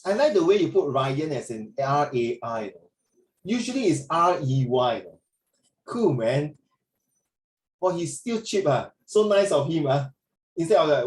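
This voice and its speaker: Over a video call in an echoey room, a man with a fairly high, very animated voice tutors his class at a measured pace. With his Singaporean accent, he offers chatty feedback sprinkled with Mandarin.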